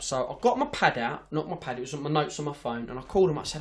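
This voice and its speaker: A man's voice: fairly high pitch, fast talker, hardly any pauses. A man hosting a podcast, telling an office story in a sweary, ranting, casual way. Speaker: podcast host.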